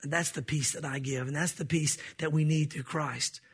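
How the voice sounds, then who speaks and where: Husky high-voiced preacher. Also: male voice, fairly even intonation, normal speed. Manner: emphatic, conversational preaching with quips. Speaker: pastor. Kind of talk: sermon.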